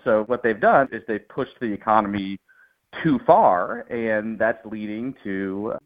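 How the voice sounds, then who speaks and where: A man who is an economist guest on a podcast, explaining calmly and in a measured way, heard over a remote line. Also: lowish voice. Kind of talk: interview answers. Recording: tinny phone-like remote line.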